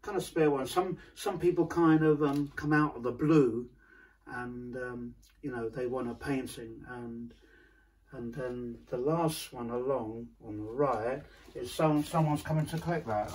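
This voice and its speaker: A man in casual chat to camera, showing his paintings with a hesitant manner and many pauses. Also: mid-range voice, fairly even intonation, a little mellow, low-quality recording. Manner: hesitant, many ums and restarts.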